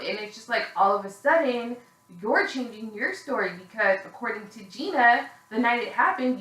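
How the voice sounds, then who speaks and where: A woman's voice: mid-range voice, bright, forceful tone, roomy sound, poor audio. A woman casually recapping a reality show, candid and gossipy, swearing freely with plenty of fillers, sounding a little tired.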